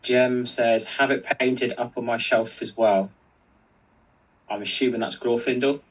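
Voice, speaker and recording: A man's voice: medium pitch, fairly even intonation, measured pace, a bit bright, husky, far from the mic, rough recording. A man co-hosting a stream, reading out viewer comments in casual chat, hesitant and full of fillers.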